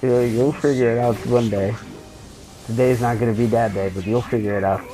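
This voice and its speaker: A man's voice: mid-range voice, steady tone, fairly quick, warm tone, faint music behind, rough recording. A man streaming a game and telling rambling, joking anecdotes in a loose, profane, casual way. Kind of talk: casual storytelling while gaming.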